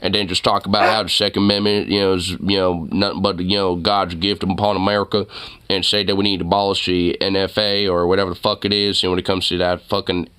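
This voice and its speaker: A man putting on the voice of a profane, folksy Southern cowboy ranting about guns, with a deep drawl. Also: flat delivery, fast, a bit bright, slight background noise. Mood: blustering. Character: gruff Southern cowboy gun-rights man.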